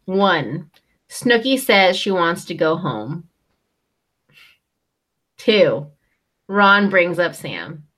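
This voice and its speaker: A woman's voice: on the low side, expressive, drawn-out words, long pauses, fairly bright tone. A young woman co-hosting a casual chat, recapping a show with lots of "um" and "like". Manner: chatty, lots of fillers like "um" and "like". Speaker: co-host recapping a reality show.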